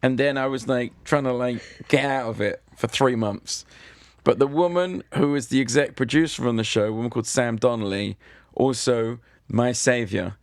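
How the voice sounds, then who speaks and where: British male comedian guest, gravelly voice, dry close sound, deadpan storyteller. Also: mid-range voice, moderate pace, few pauses, no room sound. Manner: dry, self-deprecating storyteller. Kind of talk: casual anecdote telling.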